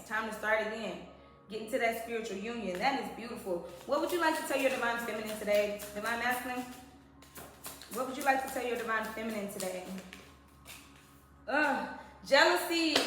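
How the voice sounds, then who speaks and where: A woman's voice: a little high, sharp tone. A woman in her thirties giving a chatty, emphatic tarot reading to her viewers. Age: 30s. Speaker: tarot reader. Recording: very echoey room.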